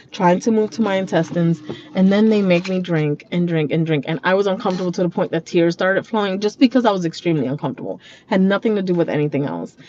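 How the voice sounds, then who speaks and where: A woman's voice: fairly low pitch, a little mellow. A woman talking casually and bluntly to her viewers while driving, swearing freely as she chats. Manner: blunt and profane, chatty. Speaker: vlogger. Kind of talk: casual car vlog monologue. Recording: muffled lo-fi audio with road noise. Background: traffic and road noise.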